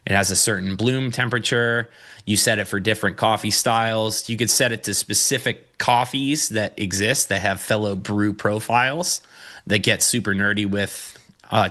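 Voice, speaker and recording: A man co-hosting a casual live trading show, joking around and talking about his hobbies, and a bit stuffed up. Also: fairly low pitch. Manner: playful and joking, excitable asides. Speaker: co-host.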